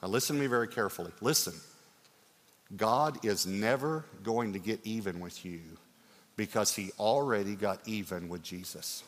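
A middle-aged man preaching a sermon as pastor, telling stories in an animated, lively way. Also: fairly low pitch, normal speed. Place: church sanctuary. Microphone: stage mic. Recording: long hall reverb.

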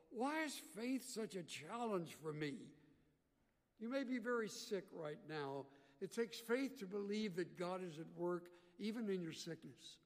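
A man preaching a sermon, swinging from loud emphatic bursts to quiet earnest asides. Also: high voice, big-room sound. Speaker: pastor.

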